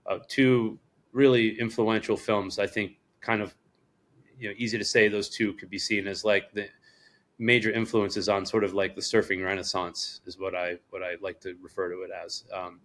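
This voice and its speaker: A man's voice: on the low side, normal speed. A middle-aged man from Rhode Island, a surf shop owner, telling a story as a podcast guest in a casual, rambling way, acting out the people he quotes and swearing freely. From Rhode Island, United States. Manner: rambling, animated quoting, frequent swearing.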